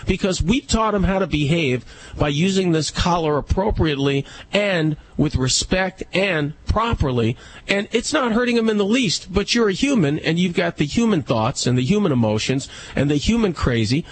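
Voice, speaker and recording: A man co-hosting a radio show, telling stories casually and acting out other people's lines in a higher voice. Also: normal speed, slight background noise, rough recording. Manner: animated, acts out dialogue in higher voices. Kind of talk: casual storytelling on air.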